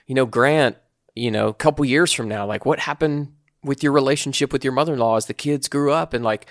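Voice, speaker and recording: A man co-hosting a casual podcast, giving earnest, reflective faith advice at a slow, searching pace. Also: medium pitch, dry recording, studio quality. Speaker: podcast co-host.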